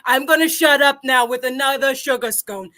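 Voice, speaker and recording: A woman's voice: high voice, normal speed, sharp tone, pitched above the performer's own voice. A fond old auntie with a raised, older voice, as an improviser puts her on. She talks sweetly and calls everyone dear. She has a doting, homely way. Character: old aunt, wise and fond of scones.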